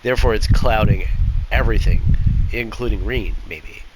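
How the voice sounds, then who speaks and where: A man's voice: on the low side, normal speed. Casual man musing over a noisy line. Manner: thinks aloud with restarts and laughs. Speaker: podcast co-host. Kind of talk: casual book discussion. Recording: noisy background hiss.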